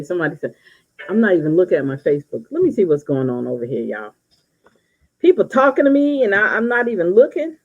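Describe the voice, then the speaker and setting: Lively woman in her sixties, lo-fi phone stream. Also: on the low side. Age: 60s. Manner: laughing, animated storytelling with drawn-out exclamations. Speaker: livestream host. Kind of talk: casual livestream chat.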